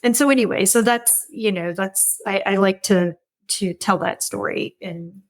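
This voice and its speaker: A middle-aged woman appears as a podcast guest, speaking unhurriedly in a mid-range voice. She talks earnestly and candidly about loss and grief, often repeating herself as she searches for words.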